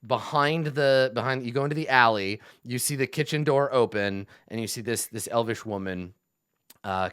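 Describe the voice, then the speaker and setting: A man's voice: deep voice, bright, forceful tone, smooth, no echo, studio quality. A man running a tabletop game as game master, setting cinematic scenes with lots of fillers and restarts.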